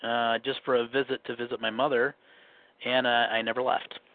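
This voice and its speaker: A man's voice: mid-range voice, little pitch movement, fairly quick, no echo. A man with a faint Minnesotan accent, casually telling his life story in a rambling, self-correcting way. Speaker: guest recalling his life. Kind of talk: casual conversation. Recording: phone-like narrow band.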